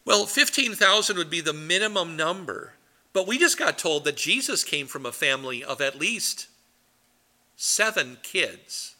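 Forceful, animated middle-aged pastor. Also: male voice, fairly high pitch, measured pace. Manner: animated, rambling storyteller. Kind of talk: Bible study teaching.

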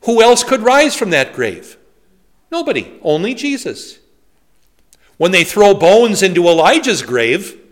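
A man's voice: high-pitched, a bit bright. A man, a pastor, leading a Bible study in a conversational way, telling stories with humorous asides and rhetorical questions.

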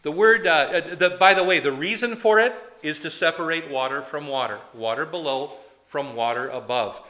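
A male preacher with a bright, forceful tone, talking through a sermon in a loose, conversational way. He wanders off on side points and keeps turning to the congregation with questions. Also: on the high side, moderate pace. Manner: chatty and digressive, quizzing the congregation.

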